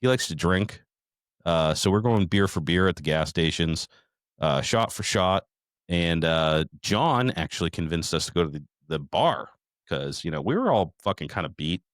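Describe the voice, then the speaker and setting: Middle-aged male podcast host, deep voice, dry close mic, profane rambling storyteller. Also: lively intonation, normal speed, no room sound. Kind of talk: casual recap chat.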